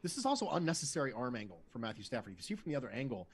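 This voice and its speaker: A man's voice: medium pitch, sing-song, rapid-fire, slightly rough. A man appearing as a guest on a football show, telling stories wryly and making fun of himself. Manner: wry storyteller, self-deprecating. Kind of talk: casual film breakdown chat.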